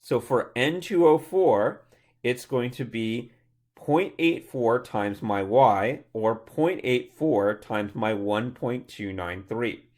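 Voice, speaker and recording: A man's voice: medium pitch, slow, darkish tone. A man working through a chemistry problem step by step, talking aloud through each calculation as a tutor. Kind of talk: worked-problem lecture.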